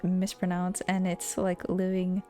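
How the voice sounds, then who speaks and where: A woman's voice: lowish voice, monotone, unhurried, warm tone, faint music behind. A young woman from the Philippines with an American accent, chatting playfully on a live stream, laughing often and swearing casually.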